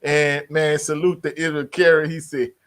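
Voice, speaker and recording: A man's voice: a little high, flat delivery, normal speed, a bit bright. A man hosting a livestream about college football, talking in a casual, slangy way and greeting viewers in the chat. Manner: laid-back, slangy, greets chat members. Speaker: sports livestream host. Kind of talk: casual live sports talk.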